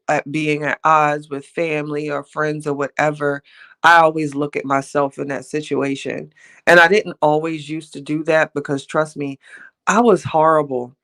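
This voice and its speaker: A woman's voice: low-pitched, a bit bright. Reflective woman chatting on a live stream. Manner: reflective and conversational, greets viewers by name; peppers talk with "you know what I'm saying". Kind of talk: casual live-stream chat.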